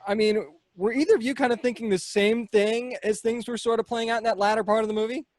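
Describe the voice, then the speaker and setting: A man's voice: high voice, steady tone, fast, darkish tone, no room sound. A male podcast host interviewing two actors in a casual, playful, teasing way.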